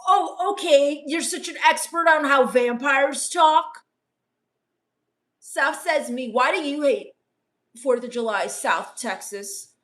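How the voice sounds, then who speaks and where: High-voiced deadpan gothic valley-girl woman. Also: slow pace. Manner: misanthropic, dismissive. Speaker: comedic livestream host reading chat. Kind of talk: deadpan character comedy livestream.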